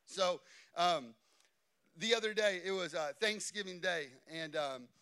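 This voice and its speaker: A man's voice: sits high, measured pace, clean tone. A man in his thirties preaching a sermon, telling chatty family stories and often checking in with "okay?". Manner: animated, chatty, keeps asking "okay?". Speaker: pastor.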